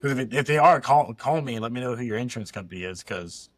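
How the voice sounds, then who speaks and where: A man's voice: mid-range voice, expressive, fast, no echo. Blunt, heated man with dry sound. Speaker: dog trainer, co-host. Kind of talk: reaction commentary.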